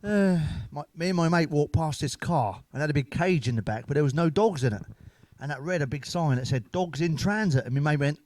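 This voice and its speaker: A man's voice: on the high side, animated, fairly quick, few pauses, darkish tone, no echo. Man, middle-aged, sweary, blunt, casual joke-telling, dry close recording. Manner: sweary, blunt, laughing at his own jokes. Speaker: stand-up comedian. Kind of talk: casual stand-up storytelling.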